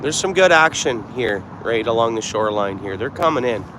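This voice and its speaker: A man's voice: medium pitch, expressive, brisk. Chatty man streaming outdoors. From Canada. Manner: chatty, greets viewers, thinks aloud. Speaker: fishing streamer. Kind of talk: live-stream chat while fishing. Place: outdoors by the water. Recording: clear outdoor background noise.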